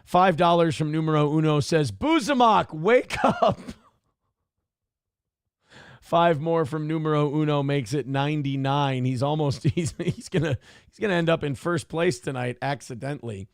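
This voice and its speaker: A man with a somewhat high voice hosts a live show and reads viewer donations aloud. He sounds exasperated and laughs often. His voice is close and dry, with almost no room sound. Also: steady tone, normal speed, clean tone, no echo. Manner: exasperated, laughing, swears freely. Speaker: radio show host reading viewer donations. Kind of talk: casual live-stream talk.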